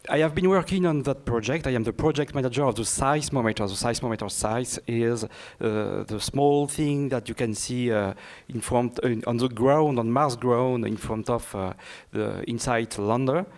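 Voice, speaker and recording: A man from France with a French accent, a native French speaker, speaking as a project manager at a panel briefing, halting and searching for words. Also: mid-range voice, a little mellow.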